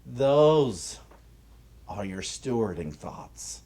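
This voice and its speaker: An American man delivering a sermon as minister, emphatic, with swings in pitch and loudness and frequent restarts. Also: animated, a little slow. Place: church sanctuary.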